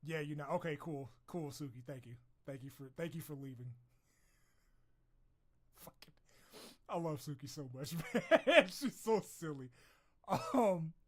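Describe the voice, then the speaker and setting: Male streamer, slightly high voice, rowdy and profane, laughs a lot, casual live chat. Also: a little slow, long pauses. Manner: loud, laughing, profane, swings from shouting to mumbling.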